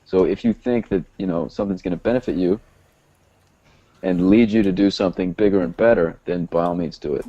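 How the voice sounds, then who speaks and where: A man in a casual group discussion, calmly explaining his point. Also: sits low, fairly quick, gravelly, dry recording, muffled recording.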